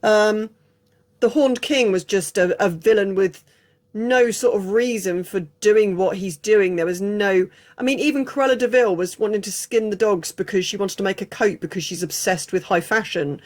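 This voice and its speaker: A woman's voice: medium pitch, darkish tone. Host, woman, casual frank chat. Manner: chatty, opinionated, frank.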